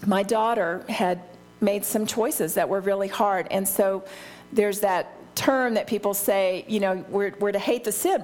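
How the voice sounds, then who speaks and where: A woman's voice: mid-range voice, darkish tone. An older woman teaching a Bible study, talking in an earnest, heartfelt way and often restarting her sentences.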